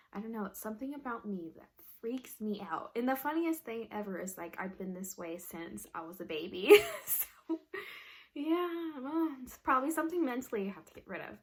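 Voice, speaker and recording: A young woman vlogger telling a funny story, animated and laughing often, with lots of "like". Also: fairly high pitch. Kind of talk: casual storytelling vlog.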